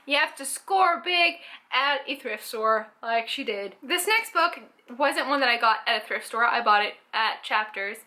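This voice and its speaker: A young woman from Canada talks through a casual book haul vlog. Her voice sits high and sounds sharp and bright. She chats eagerly, full of likes and ums. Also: lively intonation, measured pace. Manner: chatty, enthusiastic, lots of fillers. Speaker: book vlogger.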